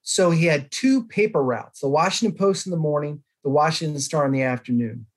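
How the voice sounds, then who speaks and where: A man speaks as a podcast guest, recounting a story with earnest conviction. His voice sits a little higher than most men's, and he leans on key words with bursts of emphasis. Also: brisk. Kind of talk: conversational interview.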